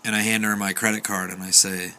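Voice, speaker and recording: A young man tells a story in a relaxed, chatty way. His voice is low but very bright, and he slips into the voices of the people he quotes, padding his sentences with fillers. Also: brisk. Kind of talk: casual spoken storytelling.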